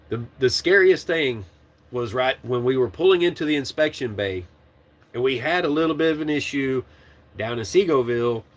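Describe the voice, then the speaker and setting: A man who trains truck drivers, telling a story casually. He swears freely and laughs as he talks. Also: medium pitch. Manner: animated, swears and laughs while retelling.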